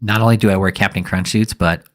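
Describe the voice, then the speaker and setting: A man putting on a mocking impression of a smug preacher, drawling and hesitant, pitched below his own voice. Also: fairly even intonation, fast talker, close to an everyday voice.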